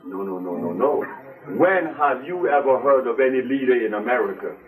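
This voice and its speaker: A man's voice: mid-range voice, expressive, moderate pace. Emphatic older man addressing an audience. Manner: emphatic, repeats phrases for stress. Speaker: speaker to an audience. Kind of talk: impassioned speech to a live audience. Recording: distant mic with faint music.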